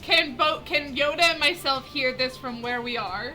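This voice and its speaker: A woman's voice: sits high, moderate pace, low-quality recording. A woman playing a tabletop game, chatty and playful as she describes her character's moves. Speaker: player. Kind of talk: casual tabletop game play.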